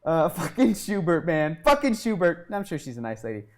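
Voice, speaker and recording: A man telling a long childhood story as an interview guest, animated and swearing often, acting out what people said. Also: a little high, brisk. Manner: animated and profane, acting out quotes.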